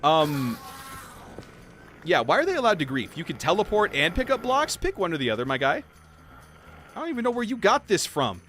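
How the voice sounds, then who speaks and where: A young man livestreaming, casually telling a story while gaming, acting out quotes in high voices. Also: sing-song, a little fast, long pauses, a bit bright. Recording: faint game music behind.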